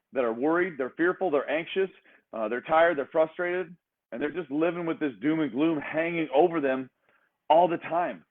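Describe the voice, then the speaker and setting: A fitness coach pumps up his listeners in a motivational talk, stacking short emphatic exhortations one after another. His voice sits a touch high for a man. The sound is thin and tinny, as if it were heard over a phone line. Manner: energetic, emphatic, repetitive exhortations. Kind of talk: motivational speech.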